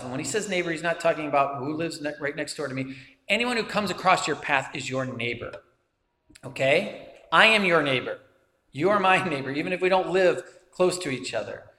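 A man's voice: fairly high pitch, fairly bright tone. Earnest preaching man in an echoey hall. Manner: earnest, measured, asks "right?" and "okay?" to the listener. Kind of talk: sermon.

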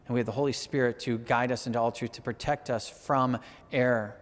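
A man preaching a sermon, animated and conversational, often asking "right?" and building to emphatic peaks. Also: medium pitch, brisk, in a large hall. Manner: conversational, asks the audience "right?".

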